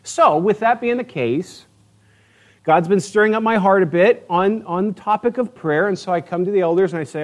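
Earnest preaching man, higher voice. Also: normal speed. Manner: earnest, conversational preaching with restarts. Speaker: pastor. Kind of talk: sermon. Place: church sanctuary.

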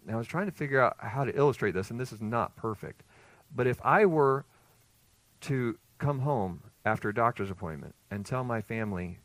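A man's voice: mid-range voice, expressive, normal speed, fairly bright tone, no echo. A man preaching an expository sermon with emphatic rhetorical questions that build in intensity. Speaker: pastor.

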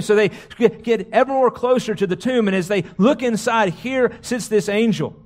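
Man, pastor, sermon, fairly high voice, dramatic retelling, repeats words. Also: expressive, a little fast, few pauses.

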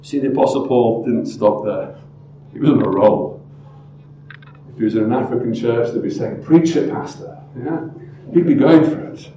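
A man preaching a sermon as pastor, emphatic and full of rhetorical questions, often swinging from loud to hushed. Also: medium pitch, normal speed, reverberant, muffled recording, a little hiss or hum.

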